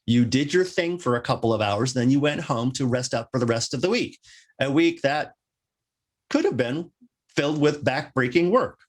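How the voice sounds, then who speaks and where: A male minister delivering a sermon, with wry joking asides and lively rising emphasis. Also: medium pitch.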